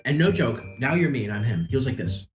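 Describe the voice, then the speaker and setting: A woman's voice: rumbling low, big pitch swings, fast talker, darkish tone. A woman in a viral clip complaining about a restaurant order in an indignant, dramatic way, acting out what people said. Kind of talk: self-recorded complaint video. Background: music.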